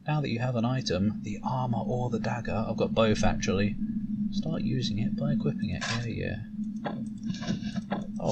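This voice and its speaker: A man's voice: fairly low pitch, vocal fry, muffled recording. A man giving casual, sarcastic commentary as he plays a game, reading the game's text aloud and swearing now and then. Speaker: gameplay commentator. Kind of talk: casual let's-play commentary. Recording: loud noise, distant mic.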